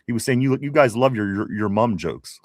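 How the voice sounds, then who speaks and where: A man co-hosting a live sports stream, reading viewer comments aloud in a casual, joking and animated way. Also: fairly low pitch, a little fast, dry recording, clean studio sound.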